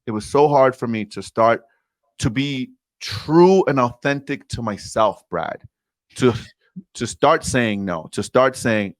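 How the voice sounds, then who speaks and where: In a dry recording, a man in his forties appears as a podcast guest and shares a personal story, speaking straight to the host. His medium-pitched voice is expressive, and he takes his time, sounding earnest and emphatic in this candid storytelling interview.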